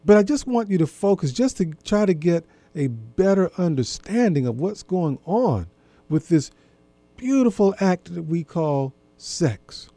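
A man giving an earnest, gently instructive talk to listeners about marriage, often repeating himself. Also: high voice, big pitch swings, measured pace, no echo. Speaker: marriage and intimacy speaker.

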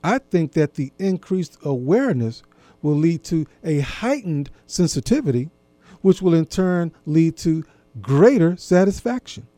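A man giving an earnest, gently instructive talk to listeners about marriage, often repeating himself. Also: on the high side, very animated, measured pace, dry recording. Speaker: marriage and intimacy speaker.

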